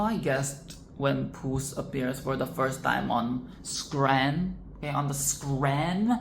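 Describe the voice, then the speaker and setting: Low-voiced woman ranting crudely. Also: echoey room, slight background noise. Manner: crude, rambling and profane, bursts of mock outrage. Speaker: vlogger reacting to a film. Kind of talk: casual reaction commentary.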